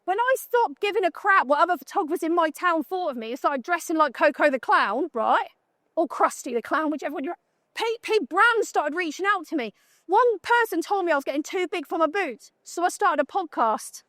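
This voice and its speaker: Blunt, funny British woman giving a conference talk; very high voice, dry close sound. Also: lively intonation, a little fast, a bit bright, dry recording. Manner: blunt, joking, chatty, asks the audience questions. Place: conference talk room at a trade show.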